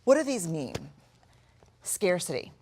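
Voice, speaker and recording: A middle-aged woman giving a recorded video lesson, talking earnestly and reflectively, slowing down to stress key words. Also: lowish voice, sing-song, warm tone, slight background noise. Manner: earnest, reflective, with slow emphatic stretches. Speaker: course instructor.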